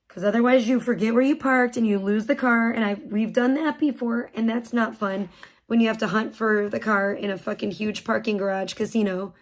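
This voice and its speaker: A woman live streamer telling a story in a rambling, frazzled way and swearing freely. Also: a little high. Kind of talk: casual storytelling on a livestream.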